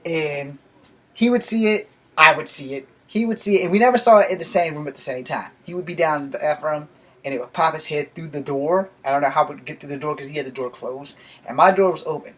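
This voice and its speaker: A man in a casual vlog, telling a rambling personal story and swearing freely. His voice sits a little high for a man, and he tells the story loosely. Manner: profane and rambling. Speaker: vlogger.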